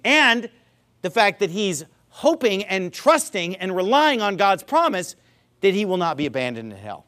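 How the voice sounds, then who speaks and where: A man's voice: high voice, moderate pace. A man preaching a sermon, quoting scripture and driving his points home through emphatic repetition and rhetorical questions. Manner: animated, emphatic, repeats phrases for emphasis; calls a congregation member up for a live illustration. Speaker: pastor.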